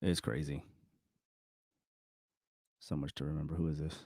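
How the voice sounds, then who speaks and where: A man's voice: a bass voice, flat delivery, moderate pace, a little mellow, no room sound, clean studio sound. A middle-aged man talking casually to his viewers on his own, rambling and correcting himself, chuckling often. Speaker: vlogger. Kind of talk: casual solo self-reflection talk.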